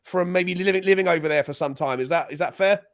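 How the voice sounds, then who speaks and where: A man from Britain chats through a casual live watchalong stream. His voice sits a little high, and he rambles and restarts his sentences as he talks. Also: fast. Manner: chatty, loose, restarts sentences often. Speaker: host.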